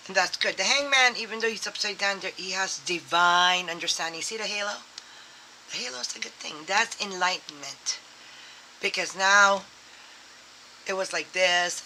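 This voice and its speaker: A tarot reader speaks in a medium-pitched, pushed and bright voice on a low-quality recording with a little hiss or hum. The reading is casual and rambling, filler-heavy, with quoted thoughts acted out.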